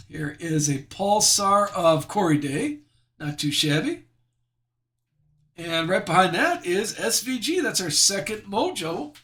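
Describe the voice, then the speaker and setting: A man's voice: high voice, sharp tone. A man hosting a live sports card break, chatty and self-deprecating as he reads out each card he pulls.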